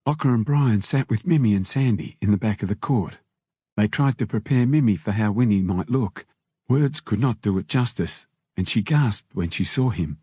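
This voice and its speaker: A man reading an audiobook in steady scripted narration on a close mic. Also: lowish voice, normal speed, breathy edge, no room sound.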